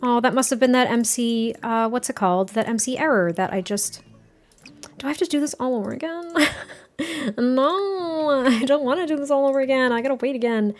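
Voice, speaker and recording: A woman with a high voice narrates a life-sim game a little fast, in a casual let's-play style. She's chatty and giggly, rambling along and restarting her sentences.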